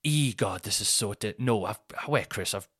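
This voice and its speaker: A man in his thirties talks on his own podcast, rambling and self-mocking and swearing freely as he goes. His voice sits low, and the sound is close and dry with no room in it. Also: expressive, moderate pace, fairly bright tone, husky, no echo. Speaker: comedian and podcast host. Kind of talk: casual solo podcast chat.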